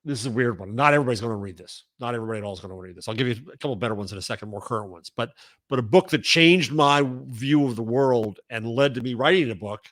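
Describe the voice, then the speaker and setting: A man who is a journalism professor, talking as a guest over a video call in a halting way, with many restarts. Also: medium pitch, fairly bright tone, no room sound, clean studio sound. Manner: halting, full of restarts and fillers. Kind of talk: casual conversation.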